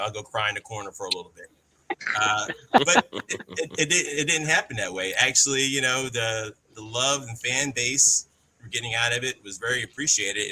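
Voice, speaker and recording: An easygoing man chats as a podcast guest and acts out the dialogue in his story. His voice is very bright and forceful. Faint noise sits behind him. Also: medium pitch. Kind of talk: casual storytelling.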